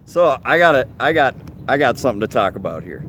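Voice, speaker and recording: A man with an ordinary mid-pitched voice chats on a live fishing stream at night, asking his partner questions and thinking aloud. His talk is loose and conversational. Faint outdoor noise sits behind him. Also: very animated, fast talker, fairly bright tone. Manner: asks questions, chatty and loose. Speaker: fishing show co-host. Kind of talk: casual live-stream chat.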